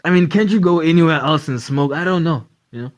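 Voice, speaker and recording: A man's voice: on the high side, brisk. A man hosting a casual comedy podcast, rambling and profane, with lots of fillers. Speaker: podcast host.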